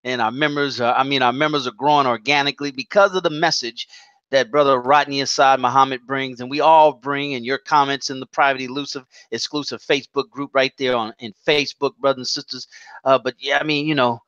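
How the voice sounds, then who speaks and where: A man's voice: medium pitch, fairly even intonation, fairly quick, a bit bright, clean tone, dry recording, lo-fi sound. A man hosting an online show, rambling and repeating words as he searches for them. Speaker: host.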